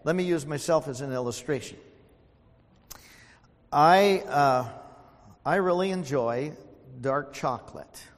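A man's voice: a little high, slow pace, long pauses. Older male pastor in an echoing church. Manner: folksy storytelling, calls for amens. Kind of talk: sermon. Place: church sanctuary. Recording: long hall reverb.

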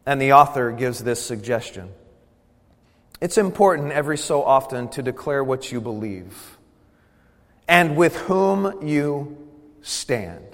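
Man preaching in a reverberant sanctuary. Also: medium pitch. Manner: builds from calm reading to loud, emphatic preaching; drawn-out, deliberate emphasis on key words. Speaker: pastor. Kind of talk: sermon.

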